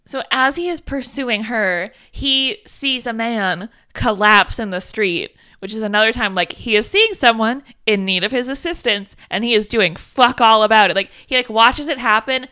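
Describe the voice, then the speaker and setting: A woman's voice: fairly high pitch, moderate pace, few pauses, sharp tone, clean tone. A woman co-hosting a podcast, summarizing a film plot in casual chat with wry asides. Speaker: podcast co-host.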